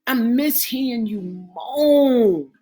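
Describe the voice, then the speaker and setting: Brief: woman reading as an anguished adult man lover, very slow, pleading, faint music under it. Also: fairly high pitch, expressive, mellow, pitched above the performer's own voice. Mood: distraught. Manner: emotional, pleading, breaking into cries. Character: distraught grown man lover, pleading and prayerful. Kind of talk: audiobook reading of a novel.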